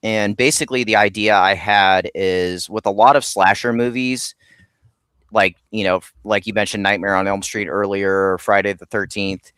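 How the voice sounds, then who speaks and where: A man with a lowish, smooth, clear voice talks as a guest in a casual interview. He rambles along with lots of ums and restarts. The sound is dry and close. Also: fairly even intonation, normal speed, a bit bright, dry recording. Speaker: comic creator guest.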